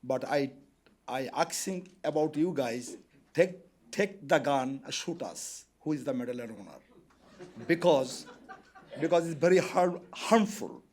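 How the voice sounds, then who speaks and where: A man who owns a taxi medallion, giving testimony at a public hearing in halting, hesitant English. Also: on the high side, lively intonation, darkish tone. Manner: halting non-native English. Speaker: taxi driver and medallion owner.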